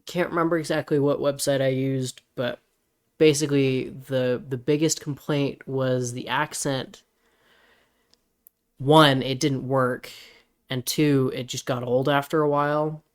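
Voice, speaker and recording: A man's voice: medium pitch, fairly even intonation, slow, long pauses, smooth. A man co-hosting a podcast, speaking hesitantly with stammers and fillers in casual chat. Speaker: podcast co-host.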